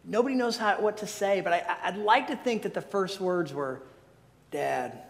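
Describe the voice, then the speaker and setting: A man's voice: sits high, expressive, normal speed. A man preaching a sermon as a visiting pastor, earnest and emphatic, with occasional wry asides to the congregation. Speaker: guest preacher. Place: church sanctuary. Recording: long hall reverb.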